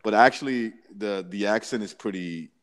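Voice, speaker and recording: Guy in a podcast chat, lowish voice, lots of reverb, keeps restarting sentences. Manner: halting, many restarts.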